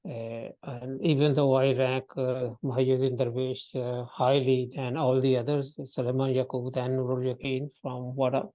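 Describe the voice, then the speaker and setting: A man student in a class discussion, speaking haltingly with many restarts and fillers. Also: mid-range voice, little pitch movement, warm tone, dry recording, highs cut off.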